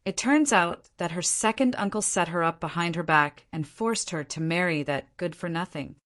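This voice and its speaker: A woman voicing a young male hero in an audiobook, turning over his fears inwardly. The thoughts come in a fairly low, even voice. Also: moderate pace, close to an everyday voice. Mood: brooding. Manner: inward, uneasy musing.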